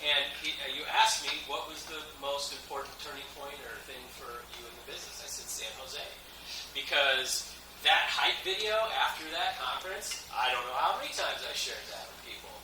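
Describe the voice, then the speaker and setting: A man telling a story to an audience at an event, animated and laughing often. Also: mid-range voice, a little fast, background noise. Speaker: event speaker. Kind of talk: motivational storytelling talk. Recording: echoey hall from far off.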